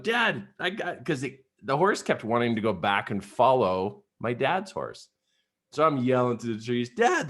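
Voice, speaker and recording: A middle-aged man giving an energetic, conversational coaching talk, tossing in "you know" and "right?" as he speaks to an online group. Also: mid-range voice. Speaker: motivational trainer.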